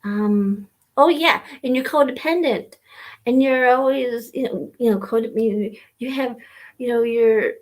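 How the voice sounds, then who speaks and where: A woman hosting a live stream, talking in a halting way with many fillers and repeated words, sometimes dropping to a whisper. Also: a little high. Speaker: host of a weekly live stream. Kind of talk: casual personal talk.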